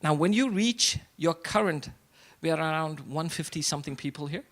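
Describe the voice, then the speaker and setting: A man's voice: fairly high pitch, lively intonation, moderate pace, a bit bright. A middle-aged man giving a motivational speech to a live audience at a business networking event, asking rhetorical questions and repeating short punchlines. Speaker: event speaker. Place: event hall before an audience.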